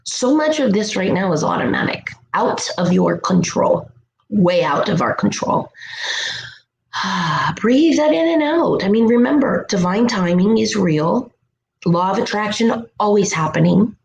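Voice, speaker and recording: Animated spiritual vlogger woman, echoey room. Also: mid-range voice, unhurried, creaky. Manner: animated, playful voices for asides. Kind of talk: motivational self-help talk. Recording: echoey room with faint noise.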